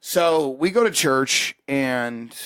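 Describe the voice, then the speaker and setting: A man hosting a podcast, telling a story in casual chat, profane and animated, acting out the people in it. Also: mid-range voice, slow, smooth, dry recording. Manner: profane, animated storyteller who acts out voices. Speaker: podcast host.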